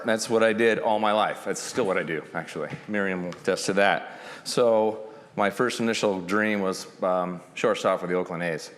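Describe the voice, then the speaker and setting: A middle-aged man telling the story of how he started his company, animated and joking, often acting out the voices of the people he quotes. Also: lowish voice, slight background noise. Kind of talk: storytelling talk to an audience. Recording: hall reverb.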